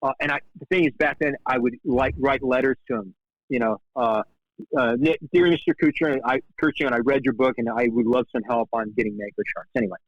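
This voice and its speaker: A man in his fifties telling fishing stories. His voice is animated, and he jumps up high in pitch whenever he acts out someone he is quoting. The sound is dull and very dry. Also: fairly quick, dry recording. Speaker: guest, fly fishing guide. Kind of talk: casual storytelling in conversation. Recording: dull, dry podcast audio.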